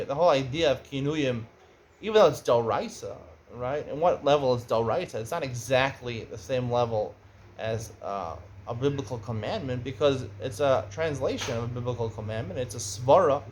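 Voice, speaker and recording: A middle-aged man gives a Talmud study lecture, speaking conversationally and getting animated when he raises questions. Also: medium pitch, a little hiss or hum. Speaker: Talmud teacher.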